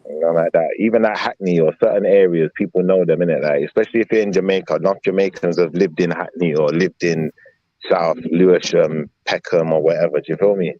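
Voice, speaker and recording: A man's voice: sits low, fairly even intonation, fairly quick, dark tone, no room sound, muffled recording. A man, asking questions in a casual online panel chat. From England. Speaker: panel guest.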